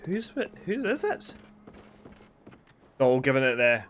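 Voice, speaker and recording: A man's voice: medium pitch, wildly swooping pitch, moderate pace, pauses often, a bit bright, faint music behind. A man streaming a video game, chatting casually, rambling and swearing with lots of filler words. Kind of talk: casual live-stream commentary.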